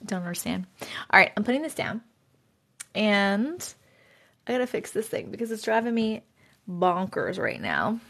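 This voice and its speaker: A woman hosting a live stream, chatting casually, swearing freely and reading viewer stories aloud with loud disbelief. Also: medium pitch, very animated, a little slow, creaky, pauses often.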